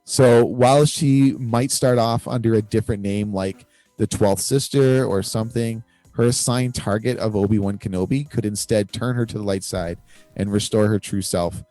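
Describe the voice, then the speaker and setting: A man talking through ideas on a casual fan show, leaning on fillers and quick laughs. His voice sits low and sounds close and dry. Faint music plays underneath. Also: steady tone, dark tone, dry recording. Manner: rambling, laughs often, lots of fillers. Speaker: podcast co-host.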